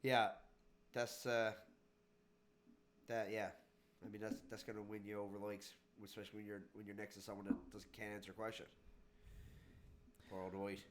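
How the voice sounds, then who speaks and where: A man's voice: lowish voice, flat delivery, normal speed, pauses often, a little hiss or hum. A man hosting a podcast, chatting casually and bluntly, swearing and mimicking officials. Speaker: podcast host. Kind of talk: casual chat.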